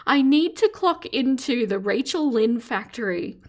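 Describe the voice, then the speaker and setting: A woman hosting a live stream, with a fairly high voice, chatting casually and breaking into giggles. She greets her chat and teases what's on screen playfully. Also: expressive, slow, long pauses. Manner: giggly, laughs often, reads chat aloud; playful teasing commentary.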